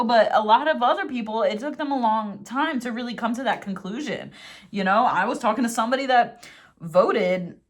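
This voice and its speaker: A young woman talks through a tarot reading in a loose, casual way. She works herself up into excited, cursing rants about coming together, then softens to read affirmations from her cards in a calm, slow voice. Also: mid-range voice. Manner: animated, swears freely, gets worked up then reads affirmations softly. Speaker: tarot reader.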